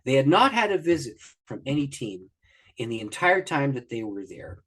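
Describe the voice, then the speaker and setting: A man's voice: medium pitch, big pitch swings, moderate pace, a bit bright. A middle-aged man, a pastor, animatedly telling a story as a guest on an interview podcast, acting out the dialogue. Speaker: guest, pastor and prayer minister.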